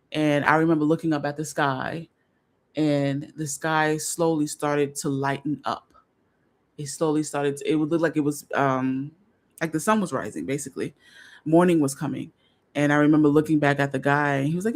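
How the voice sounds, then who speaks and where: A woman's voice: sits low, fairly quick. A woman hosting a casual storytelling vlog, rambling with restarts and asides to viewers, earnest and openly emotional. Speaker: vlog host.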